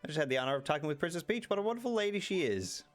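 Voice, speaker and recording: A man's voice: fairly high pitch, big pitch swings, very fast, soft background music, pitched above the performer's own voice. A man voicing an eager young male turtle villager in a game, earnest and chatty. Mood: gushing.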